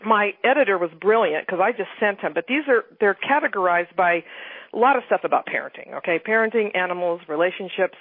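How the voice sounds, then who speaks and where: A woman's voice: mid-range voice, lively intonation, a little fast, slightly rough, no echo. A middle-aged woman, a guest author and comedian, talking animatedly and reading from her own book in a phone interview. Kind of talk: phone interview, casual chat. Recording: tinny phone line, dry.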